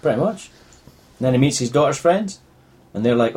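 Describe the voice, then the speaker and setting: A man's voice: mid-range voice, expressive, fairly quick, a little mellow, slightly rough. A man, chatting casually as a podcast co-host about a film, sweary and jokey. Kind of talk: casual chat reviewing a film.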